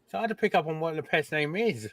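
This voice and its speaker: Chatty higher-voiced man. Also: animated, quick pace, no echo. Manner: chatty, laughs often, trails off and restarts. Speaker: podcast co-host. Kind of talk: casual chat reacting to recordings.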